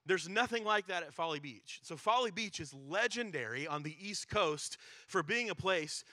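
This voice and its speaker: Bright, chatty high-voiced male pastor. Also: expressive, normal speed, dry recording, clean studio sound. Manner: conversational, chatty with filler words. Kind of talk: sermon.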